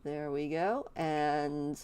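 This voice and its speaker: A woman's voice: low voice, fairly even intonation, extremely slow, a little mellow, clear, resonant tone. A woman giving casual, playful gameplay commentary, chatty and gushing over the babies in her game.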